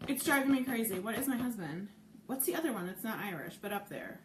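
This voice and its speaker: Cooking live at home, a middle-aged woman streams to viewers, talking casually, reading their comments, and wandering off topic. She speaks fast and animatedly in a fairly high voice picked up by a distant mic, in an echoey kitchen with background noise.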